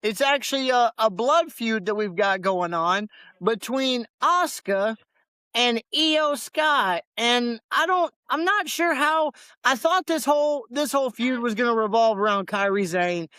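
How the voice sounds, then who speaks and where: A man talks wrestling on a casual podcast, relaxed and unhurried, stumbling over and repeating his words. His voice is clean and smooth. It sounds dry and close to the mic. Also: extremely high pitch, no echo. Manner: laid-back, loose, repeats words. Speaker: podcast co-host.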